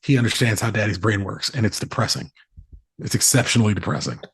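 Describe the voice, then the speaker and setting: A man in his thirties, co-hosting a casual podcast, telling animated stories and swearing freely. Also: lowish voice, fast, gravelly, a little hiss or hum. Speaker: podcast co-host. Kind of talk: casual chat.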